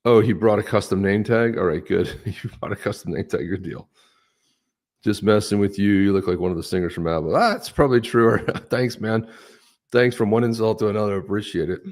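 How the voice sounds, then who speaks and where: Deep-voiced chatty male co-host. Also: brisk, darkish tone. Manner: chatty, upbeat, addresses viewers by name. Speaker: podcast co-host. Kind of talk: casual live-stream chat.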